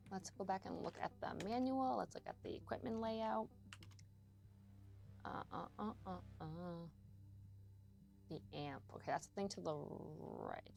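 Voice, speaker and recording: A young adult woman with a lowish, gravelly, slightly mellow voice is live-streaming a game. She chats casually with her viewers as she works through a puzzle, addressing chat directly and swearing often.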